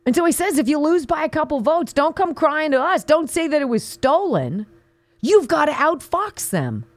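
Indignant American woman radio host, animated pitch. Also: normal speed, no echo. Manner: indignant, sarcastic, emphatic, mocking. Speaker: radio talk show host. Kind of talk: opinionated political talk radio monologue.

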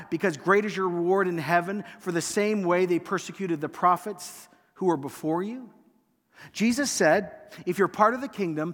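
A pastor preaching in a sanctuary, his voice sitting high for a man. He acts out the lines he quotes and lets many phrases fade to a near hush. A long reverb trails behind him through the hall. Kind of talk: sermon.

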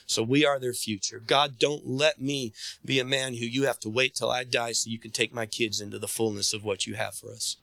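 A man's voice: mid-range voice, fairly even intonation, brisk, creaky, fairly bright tone, no echo. A man preaching a sermon as pastor, calling on his listeners to respond and repeat after him. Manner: preaching, calls on the congregation to respond.

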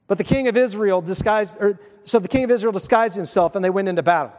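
A man pastor preaching a sermon, telling the story with animated asides and acted-out voices. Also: sits high, fast talker, in a large hall.

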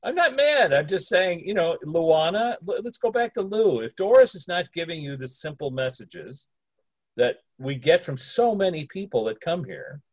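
A man's voice: on the high side, animated, normal speed, a little mellow, dry recording. A man co-hosting a podcast in casual chat, playful and joking, often laughing. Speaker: podcast co-host.

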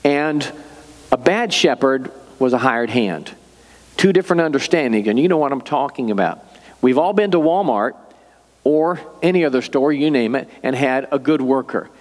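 An older man preaching a sermon as a pastor, telling stories in a relaxed, conversational way. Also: mid-range voice, moderate pace, in a large hall.

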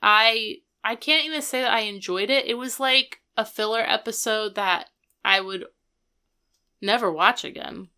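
A woman's voice: a little high, unhurried, pushed and bright, smooth. A woman co-hosting a casual chat, recapping a TV episode and giving blunt, offhand opinions. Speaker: podcast co-host.

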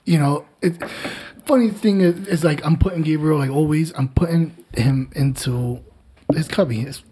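A man chatting casually as a new father, telling stories in an animated, swearing, "dude"-heavy way. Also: on the high side, moderate pace, slight background noise. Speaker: father of a newborn. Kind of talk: casual chat.

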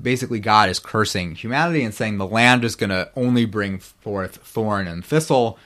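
A man's voice: lowish voice, normal speed, hardly any pauses, fairly bright tone. A man lecturing on biblical Hebrew grammar in a rambling, self-correcting way. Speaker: guest scholar.

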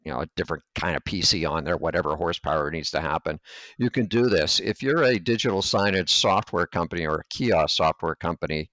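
Man from Canada, very low voice, dry sound, host, long hesitant questions. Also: lively intonation, brisk, a bit bright, dry recording. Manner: asks long hypothetical questions, hesitant with fillers. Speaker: interview host. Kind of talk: casual interview chat.

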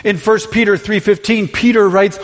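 A man's voice: high voice, steady tone, normal speed. A man preaching a sermon from a church sanctuary, impassioned and full of rhetorical questions. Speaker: pastor. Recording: long reverb of a large hall.

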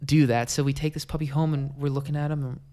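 A man in relaxed podcast talk, mid-pitched and easygoing. He tells family stories with energy and slips into voices for the people in them. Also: quick pace. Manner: animated storyteller who acts out family voices. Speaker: guest. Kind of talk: casual podcast chat.

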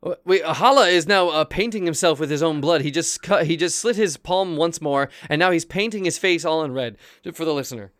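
A man's voice: fairly high pitch, a little fast, hardly any pauses, fairly bright tone, no echo. Flustered stammering male host, dry mic. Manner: flustered, stammering, mock-earnest. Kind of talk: improv comedy podcast.

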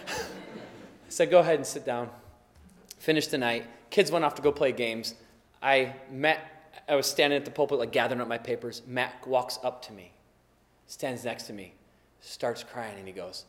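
A man preaching a sermon. He tells a story in a casual, conversational way and moves into earnest appeals and a quiet prayer. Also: mid-range voice, lively intonation, normal speed. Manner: conversational storytelling that builds to fervent preaching, then a hushed prayer. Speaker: pastor. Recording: long hall reverb.

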